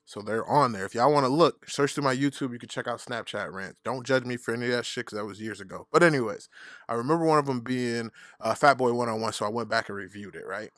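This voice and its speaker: Profane, animated man hosting a podcast. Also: medium pitch, quick pace, no echo, clean studio sound. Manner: profane, animated storytelling with laughs. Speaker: podcast host. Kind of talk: casual solo podcast rant.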